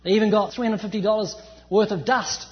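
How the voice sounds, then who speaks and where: A man from New Zealand with a faint New Zealand accent, preaching a sermon with animated emphasis that swings from loud to hushed. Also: high voice, a little fast. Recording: dull sound with long hall reverb.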